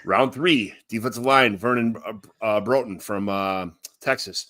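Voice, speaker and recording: Lower-voiced man with a bright edge. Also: a little slow. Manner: relaxed, reads lists with fillers. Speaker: podcast co-host. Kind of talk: casual sports chat.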